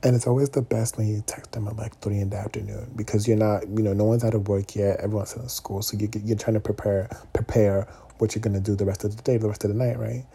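A young man talking casually to his viewers, candid and animated, often checking in with "okay?" asides. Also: fairly low pitch, fast, gravelly, few pauses, breathy edge. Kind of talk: casual vlog monologue.

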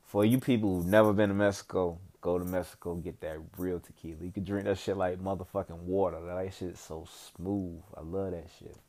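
A man's voice: low voice, fairly even intonation, a little fast, hardly any pauses, mellow. Laid-back, profane man, rambling vlog talk. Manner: laid-back, rambling, heavy swearing and slang, frequent "you know what I'm saying". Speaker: vlogger giving life updates. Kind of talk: casual profane monologue.

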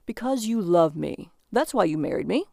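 A woman's voice: mid-range voice, expressive, moderate pace, vocal fry, dark tone, no echo, studio quality. A woman voicing a dim, eager husband who collects junk, earnest and defensive.

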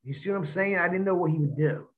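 A man's voice: sits high, fast. Profane storyteller man on a tinny line. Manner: profane, animated, acts out quotes of others. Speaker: podcast guest, former wrestler. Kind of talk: casual storytelling.

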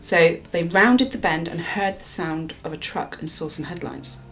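A woman from England telling a true crime case in a casual chat, with dramatic pauses. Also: on the low side, soft background music.

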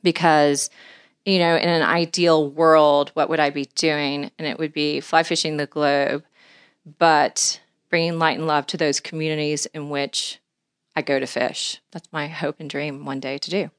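A woman's voice: deep voice, little pitch movement, measured pace, clear, resonant tone, no room sound, studio quality. A middle-aged woman telling long, heartfelt stories as a podcast guest, earnest and sincere. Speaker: podcast guest, angler and mission leader. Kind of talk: conversational storytelling.

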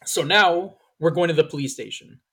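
Podcast guy telling a wild story, kinda high voice, swears a lot, acts everyone out. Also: moderate pace, slightly rough. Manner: animated, profane, acts out quoted lines. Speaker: podcast host. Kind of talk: casual storytelling chat.

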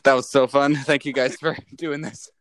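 A man's voice: mid-range voice, flat delivery, moderate pace, a bit bright, no room sound. A man hosting a casual chat podcast who laughs hard and wheezes. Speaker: podcast host. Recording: noisy mic with clicks.

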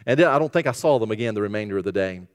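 A man preaching a sermon as pastor, telling stories and dropping to a hushed voice when he quotes. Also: lowish voice, lively intonation, very fast, smooth. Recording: reverberant hall.

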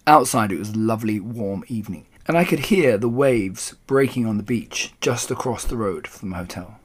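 A man narrating a children's storybook aloud in an expressive, animated way. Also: lowish voice, moderate pace, a little hiss or hum. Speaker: audiobook reader.

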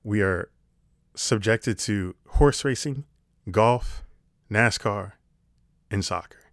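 A man's voice: fairly low pitch, takes it slowly, no room sound, clean studio sound. A man talking to camera in a casual comedic monologue, sarcastic and rambling, swearing casually. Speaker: vlogger.

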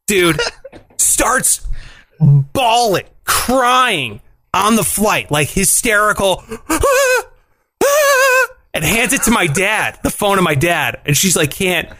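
A man's voice: high-pitched, takes it slowly, no room sound. A young man, married, telling a funny story in casual chat, full of "like" and "dude". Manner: animated storyteller, swearing, lots of "like" and "dude". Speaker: podcast co-host.

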